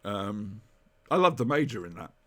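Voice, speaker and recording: A man's voice: lowish voice, big pitch swings, normal speed, pushed and bright, breathy edge. A man chatting on a podcast, rambling and correcting himself as he enthuses about old TV comedy. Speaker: podcast co-host. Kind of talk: casual chat reviewing TV comedy.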